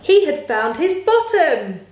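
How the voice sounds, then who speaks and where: A woman teacher reads a children's picture book aloud at an unhurried pace. Her voice rises and falls in a lively sing-song, and she stops to ask her young listeners questions. The room adds a clear echo. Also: high voice. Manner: slow, warm, playful, asks listeners questions. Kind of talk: children's storybook reading. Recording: echoey room.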